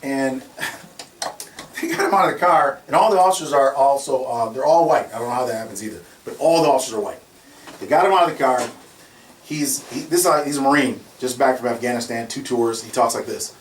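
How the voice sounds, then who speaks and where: A man who runs a security company, telling stories in an animated way and laughing often as he talks. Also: mid-range voice, fairly quick. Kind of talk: conversational storytelling. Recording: roomy, distant mic, faint noise.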